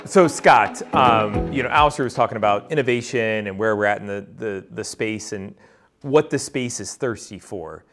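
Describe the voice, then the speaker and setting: A man's voice: on the low side, normal speed, over music. A man moderating a business panel, self-mocking and full of fillers as he steers the talk. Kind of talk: panel discussion.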